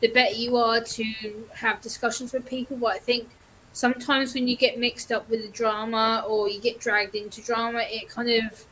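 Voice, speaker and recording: A woman's voice: fairly high pitch, flat delivery, moderate pace, fairly bright tone, a little hiss or hum, low-quality recording. A woman talking frankly as a guest on a casual livestream, stating firm opinions and laughing them off. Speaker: stream guest.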